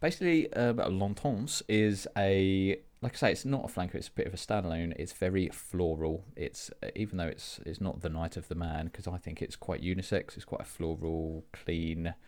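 A man's voice: low voice, normal speed, hardly any pauses. A man co-hosting a podcast, chatting casually with many fillers and restarts. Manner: relaxed, rambling, many fillers. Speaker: podcast co-host. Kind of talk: casual chat.

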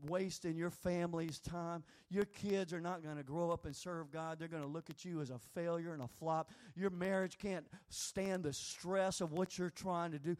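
A man's voice: fairly high pitch, lightly acted. A man voicing the devil in a sermon story, a sneering male figure who belittles and accuses. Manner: taunting, belittling.

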